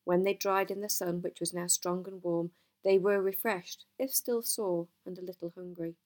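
A woman narrating a storybook in a calm, measured reading. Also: lowish voice. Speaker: audiobook narrator.

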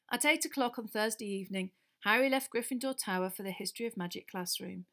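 A woman's voice: medium pitch, fast talker, few pauses. Woman reading a storybook aloud. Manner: steady, even read-aloud narration. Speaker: audiobook reader. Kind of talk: storybook narration.

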